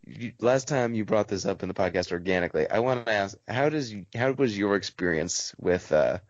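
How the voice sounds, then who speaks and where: A man hosting a casual podcast discussion, telling stories in an animated, quick way. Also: on the low side, dry recording, lo-fi sound. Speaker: podcast host.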